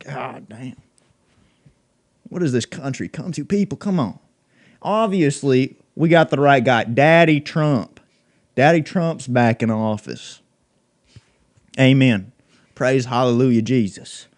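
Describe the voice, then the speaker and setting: A man's voice: mid-range voice, slow, pauses often. A man playing a crude, bigoted redneck who taunts and rants with constant profanity in a comedy sketch. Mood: taunting. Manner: profane, taunting, loud ranting. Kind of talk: comedy sketch role-play.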